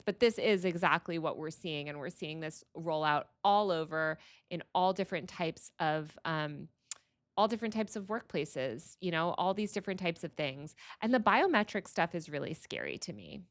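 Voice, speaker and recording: A woman's voice: fairly low pitch, a bit bright. A woman hosting a livestream, ranting in a heated, exasperated way and repeating phrases for emphasis. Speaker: livestream host.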